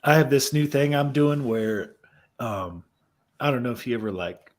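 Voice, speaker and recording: A man's voice: mid-range voice, lively intonation, normal speed. Reflective young man who laughs easily. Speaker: musician and guest. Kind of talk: casual faith conversation.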